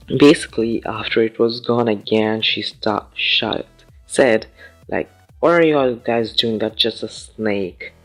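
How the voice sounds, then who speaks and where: A man's voice: fairly low pitch, a bit bright. A man with an Indian English accent, telling a story to his viewers in a loose, rambling way, swearing casually. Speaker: vlogger.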